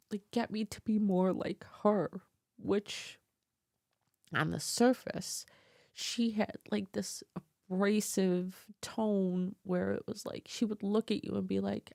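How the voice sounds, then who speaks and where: Woman vlogger, slow gravelly delivery, warm dark tone, chatty storytelling. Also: medium pitch, no echo, clean studio sound. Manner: chatty, filler-heavy, laughing as she tells it. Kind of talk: personal storytelling. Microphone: desk mic close up.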